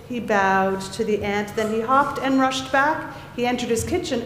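A woman's voice: fairly high pitch, moderate pace, hardly any pauses, fairly bright tone, slight background noise. A woman reading a rhyming children's story aloud at a family worship service, coaxing her young listeners along. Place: large synagogue sanctuary. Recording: echoey hall with faint ambience.

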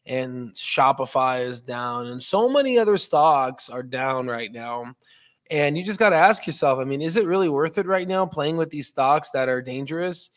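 A man's voice: mid-range voice, fairly bright tone. A man hosting a stock market channel, walking through a chart in casual, rambling talk full of fillers and restarts, sounding a bit tired. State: yawning, tired.

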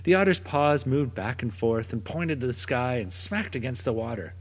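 A man reading a children's picture book aloud at a middle pitch, his voice rising and falling in a lively way. The tone is a little husky, and his gentle storytelling carries a long reverb. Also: moderate pace. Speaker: storybook narrator.

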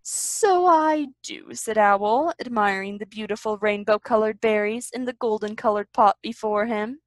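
A woman from a library reading a children's storybook aloud in an expressive, sing-song way. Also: mid-range voice, normal speed, no room sound.

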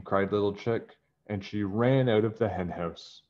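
A man reading a children's picture book aloud, animated and expressive. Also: on the low side, a little slow, hardly any pauses. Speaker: storybook reader. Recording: dull lo-fi recording.

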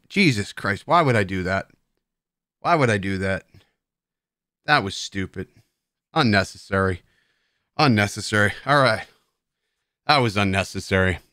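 A man's voice: fairly low pitch, fairly bright tone, dry recording, studio quality. A man hosting a live stream, chatting casually and rambling with self-mocking banter toward his viewers, tipsy and playful. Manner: tipsy and playful while drinking beer. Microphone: headset at a streaming desk.

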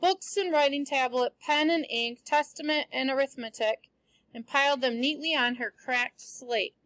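High-voiced woman teacher, patient, reading aloud to a class and explaining as she goes, dry sound. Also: normal speed, a bit bright, no echo, low-quality recording. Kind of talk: reading a novel aloud to students, pausing to explain.

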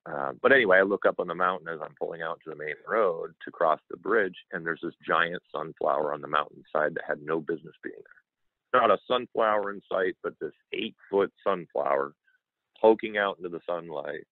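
A man's voice: deep voice, brisk, no echo. A man telling an emotional personal story as an interview guest, earnestly acting out what others said. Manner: earnest, animated, acts out quoted dialogue. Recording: tinny phone-like line.

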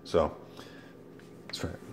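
A man reviewing products in a casual vlog, easily exasperated and breaking into loud, profane outbursts. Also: takes it slowly, slight background noise.

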